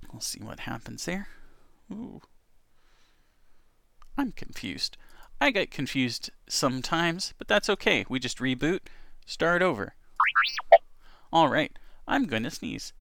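A man's voice: a little high, sing-song, slow, gravelly, pauses often, fairly bright tone, no echo. A man hosting an online radio show, chatting casually and reading news items aloud, often stumbling and correcting himself.

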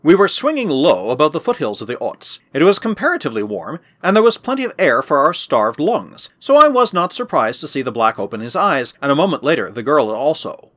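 Expressive male audiobook narrator. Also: a little high, brisk, hardly any pauses. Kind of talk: scripted narration.

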